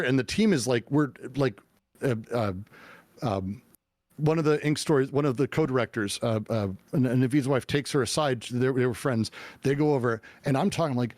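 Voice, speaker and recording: A middle-aged man telling his life story as an interview guest, animated and swearing, with many fillers and restarts. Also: mid-range voice, moderate pace, no echo. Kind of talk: casual storytelling.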